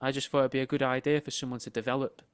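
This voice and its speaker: A man with a mid-range voice co-hosts a podcast over a remote call. His humor runs dry and deadpan, though he laughs easily at his partner's bits. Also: mid-range voice, rapid-fire, clean tone. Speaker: podcast co-host. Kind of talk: casual banter.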